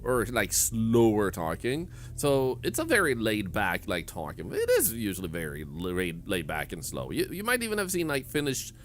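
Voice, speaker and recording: A native Swedish speaker from the north talks in English with a clear Swedish accent as he streams a game. His voice is bright and bouncy, with pitch that swings up and down as he chats and laughs with his viewers. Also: a little hiss or hum. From northern Sweden. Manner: chatty, answers chat, laughs often. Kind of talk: casual live-stream commentary.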